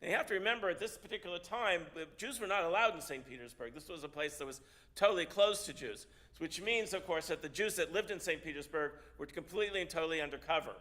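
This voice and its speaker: Bright-voiced man telling a story. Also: fairly high pitch. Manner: halting, repeats words often, animated. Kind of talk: storytelling sermon. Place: synagogue service.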